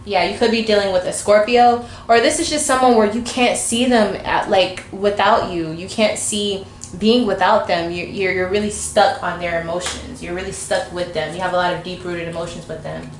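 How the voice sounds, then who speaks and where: A woman gives a casual tarot reading, chatty and informal as she talks straight to her viewers. Her voice sits at a middle pitch. The room around her is echoey, with a faint hum of background noise. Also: steady tone, moderate pace. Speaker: tarot reader.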